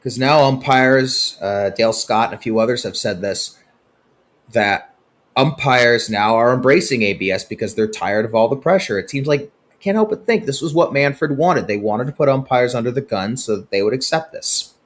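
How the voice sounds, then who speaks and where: A man hosting his own podcast, giving opinionated solo commentary that swings from heated outbursts to hushed, sober stretches. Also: medium pitch, lively intonation, normal speed. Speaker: podcast host.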